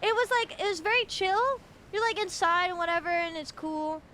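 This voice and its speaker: A young woman streamer telling an animated story in casual chat, swearing freely. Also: extremely high pitch, normal speed, slight background noise. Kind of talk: casual chat while gaming.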